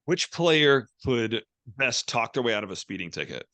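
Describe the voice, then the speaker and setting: A man's voice: medium pitch, big pitch swings, moderate pace, a bit bright, no room sound. A man hosting a podcast, asking short, playful questions in a casual tone. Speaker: podcast host.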